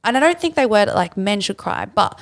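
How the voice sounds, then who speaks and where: A woman's voice: medium pitch, sing-song, a little fast. A young Australian woman hosting a podcast, talking earnestly in a casual chat, full of "like". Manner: earnest, hedging with many "like" fillers. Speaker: podcast host.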